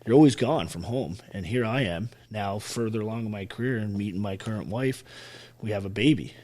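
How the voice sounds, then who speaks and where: A man's voice: on the low side, a little fast, a little mellow. A man from Ontario, an army veteran telling his story as a podcast guest, blunt and emphatic with constant swearing. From Ontario, Canada. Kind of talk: casual interview storytelling.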